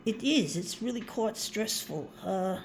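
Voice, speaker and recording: A woman's voice: mid-range voice, animated, a little slow, a little hiss or hum. Rambling, cursing woman vlogger. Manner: rambling, swears often, addresses viewers as folks. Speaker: artist vlogger. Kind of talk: casual monologue while working on art.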